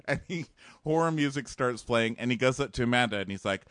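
A man with a lively, bouncing delivery cracks jokes while recapping a reality show. He slips into silly voices of the cast members. The sound is dry and close. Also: mid-range voice, a little fast, dry recording. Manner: animated, does jokey voices of reality-show people. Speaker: podcast co-host. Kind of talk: casual comedic recap.

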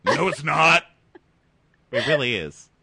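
A man talks in a casual podcast chat, and his voice is very bright and forward. He jumps around in pitch as he mimics the people he talks about. The sound is dry and close to the mic. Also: lively intonation, slow, breathy edge, no room sound. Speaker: podcast co-host. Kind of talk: casual chat recapping a reality show.

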